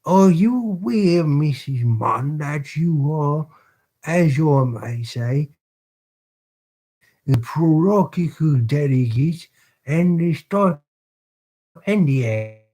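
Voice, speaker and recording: A man voicing a pompous middle-aged parish official, reading aloud in a slow, self-important, old-fashioned way. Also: medium pitch, very animated, gravelly, slightly rough, heavily acted.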